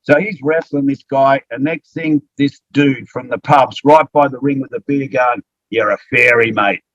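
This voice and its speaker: A man's voice: mid-range voice, little pitch movement, moderate pace, no echo, muffled recording. An Australian man hosting an interview, telling long anecdotes casually with plenty of fillers. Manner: rambling anecdotal storyteller with fillers. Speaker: interview host, former wrestler.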